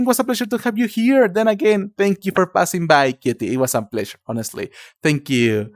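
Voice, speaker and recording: A man's voice: sits high, fairly quick, no echo, studio quality. A young man with a Spanish accent, streaming live and chatting to viewers in a casual way, stumbling over his words and calling people cutie and darling. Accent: Spanish-speaking. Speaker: livestreamer.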